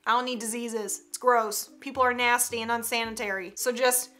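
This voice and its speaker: A woman's voice: fairly high pitch, steady tone, brisk, sharp tone. A young woman in her twenties hosting a casual meme reaction vlog, chatty and giggly with a playfully sassy edge. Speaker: YouTube host.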